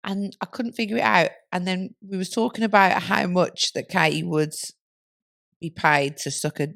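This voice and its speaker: A woman's voice: fairly low pitch, moderate pace, creaky. A woman co-hosting a podcast, casually telling a story with lots of laughter and swearing. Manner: giggly, swearing, animated storytelling. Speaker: podcast co-host.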